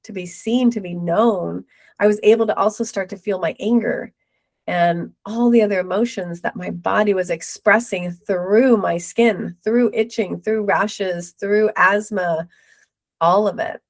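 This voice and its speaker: A middle-aged woman speaks as a guest, recounting her own story with animated, acted-out quotes. Her voice sits at a middle pitch. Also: measured pace. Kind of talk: personal storytelling in an interview.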